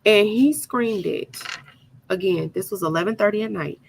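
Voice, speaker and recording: A woman hosting a crafting video, telling an animated, dramatic story straight to her viewers while she works. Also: mid-range voice, moderate pace, gravelly, slight background noise, rough recording. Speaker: crafting channel host.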